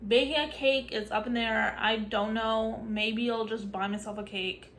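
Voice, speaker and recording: On a low-quality recording with slight background noise, a sick young woman vlogs about her cough and sore throat. Her slightly high voice stays fairly even at a moderate pace as she chats, says "like" often, and occasionally whispers.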